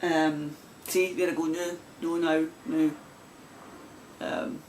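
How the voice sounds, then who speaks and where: A woman's voice: low-pitched, flat delivery, slow pace, a little mellow, a little hiss or hum. Chatty Glasgow woman with a broad accent. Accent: Glasgow Scottish. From Scotland. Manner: chatty, laughs often, rambling. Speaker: knitting podcast host. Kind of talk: casual chat to camera.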